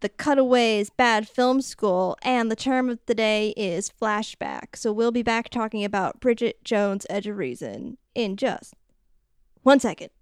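A woman co-hosting a podcast, casually recapping a film with quick mock voices for its characters. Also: a little high, expressive, clear, resonant tone, no echo, studio quality. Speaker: podcast co-host. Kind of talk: casual movie recap chat.

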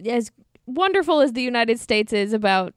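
A woman's voice: a little high, smooth, no room sound, clean studio sound. A woman co-hosting a podcast in casual chat, joking and laughing easily with her co-host. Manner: animated, quick to joke and laugh.

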